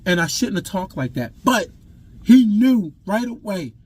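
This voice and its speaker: A father tells his own story to camera with intense, raw emotion, repeating himself and swinging from loud outbursts to hushed admissions. His high-pitched voice swings widely in pitch and moves a little slowly, in a dry recording.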